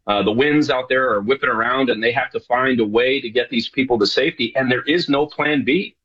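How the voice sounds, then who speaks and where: Husky middle-aged man, muffled remote line. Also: medium pitch, a little fast, a bit bright. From New York. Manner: hesitant, many fillers and restarts. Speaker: guest, show host and rowing coach. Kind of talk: casual interview chat.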